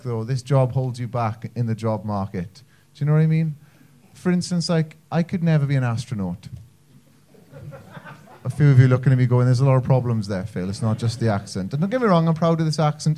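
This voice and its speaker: Cheeky North Welsh stand-up comedian. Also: male voice, on the high side, dark tone. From Wales. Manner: cheeky, self-mocking banter with the audience. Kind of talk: stand-up set with crowd work. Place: comedy club stage.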